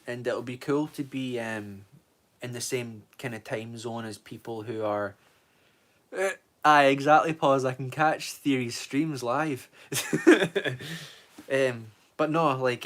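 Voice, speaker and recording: A Scottish man in his twenties, chatting casually on a livestream and rambling as he answers viewer comments. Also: mid-range voice. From Scotland. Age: 20s. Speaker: streamer.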